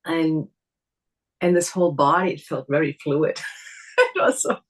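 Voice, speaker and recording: A woman taking part in a group workshop on a video call, sharing her feelings warmly and searching for words. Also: sits low, a little slow. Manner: warm, searching for words, laughs often. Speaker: workshop participant. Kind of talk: personal sharing.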